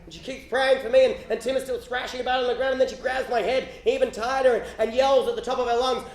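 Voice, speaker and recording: Quick, high-voiced Australian storyteller on stage. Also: male voice. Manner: animated, building to loud laughing shouts. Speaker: comedian storyteller. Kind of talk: live stand-up storytelling. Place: live theatre stage. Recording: roomy live venue echo.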